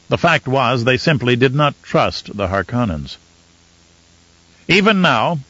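A man reading an audiobook as narrator, in a measured, even manner. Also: mid-range voice, no echo, lo-fi sound. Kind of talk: scripted narration.

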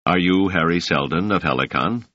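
A man voicing a calm, formal male security officer, in a slightly muffled recording. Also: low voice, normal speed, dry recording.

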